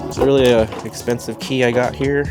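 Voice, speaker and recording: A young car vlogger chats casually through his car project in a garage vlog, loose, rambling and profane, saying "you know" a lot. His medium-pitched voice stays fairly flat and brisk, with loud music playing behind him.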